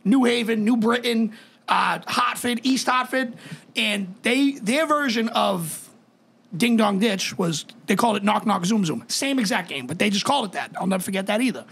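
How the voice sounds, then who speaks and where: Raspy man telling stories. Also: high-pitched, moderate pace. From Boston area. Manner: animated, profane, acts out voices in stories. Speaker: podcast co-host. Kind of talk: casual storytelling.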